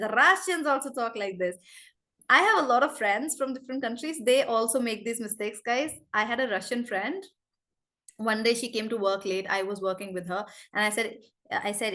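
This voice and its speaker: Young Indian woman, English teacher, lively class talk, slightly high voice. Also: moderate pace. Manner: lively, mixes Hindi into English, asks students by name. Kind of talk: online class lesson.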